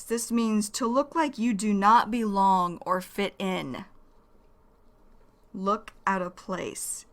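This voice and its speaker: A woman teaching English vocabulary in a slow, careful lesson, repeating each key phrase. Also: medium pitch, bright, forceful tone.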